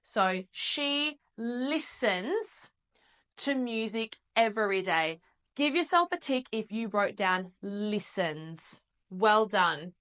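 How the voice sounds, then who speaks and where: A woman with an Australian accent teaching a basic English lesson, repeating sounds and words slowly and encouraging learners. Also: medium pitch, lively intonation, a bit bright, smooth. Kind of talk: slow, clearly enunciated English lesson.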